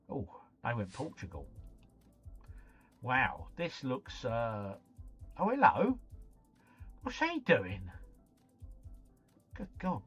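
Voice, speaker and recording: A man's voice: mid-range voice, fairly bright tone. A man thinking aloud on a live stream, muttering to himself and then breaking into exclamations. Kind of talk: live-stream commentary while playing a geography guessing game. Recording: slightly muffled, faint background music.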